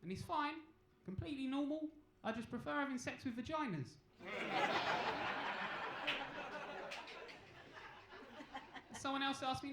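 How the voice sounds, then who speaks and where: A man's voice: extremely high pitch, takes it slowly, long pauses. A young man doing a crude, cheeky stand-up set on a comedy club stage. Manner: cheeky, crude, deadpan storytelling. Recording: echoey club room, faint noise.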